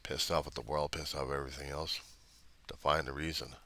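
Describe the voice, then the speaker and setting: A man's voice: rumbling low, steady tone, fairly quick, pushed and bright, no room sound. A man venting in a personal diary monologue, angry, rambling and profane. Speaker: diarist.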